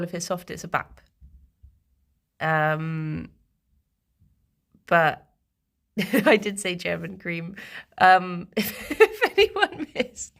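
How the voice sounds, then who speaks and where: A woman's voice: medium pitch, gravelly, a bit bright. A young woman from Hertfordshire with a Hertfordshire English accent, chatting casually on a livestream, rambling with lots of ums and little laughs. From Hertfordshire, England. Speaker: streamer.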